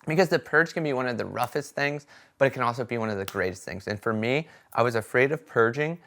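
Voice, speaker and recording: Guy vlogging, chatty and animated, tosses in "right?" a lot, middle pitch voice. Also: fast. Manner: animated storytelling, acts out quoted voices; conversational fillers like "right?" and "okay?". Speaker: vlogger sharing experiences. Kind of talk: casual talk to camera.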